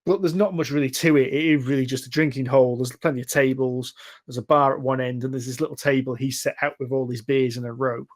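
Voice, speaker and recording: A man's voice: mid-range voice, steady tone, fast talker. A man narrating as game master, describing scenes with lots of restarts. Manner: rambling, self-correcting description. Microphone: home mic on a voice call.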